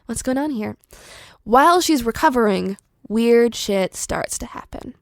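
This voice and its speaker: Gravelly chatty woman podcast host. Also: on the high side, a little slow, no room sound, clean studio sound. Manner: chatty and animated, lots of "like" fillers. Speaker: podcast host pitching a horror story. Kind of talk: casual storytelling pitch.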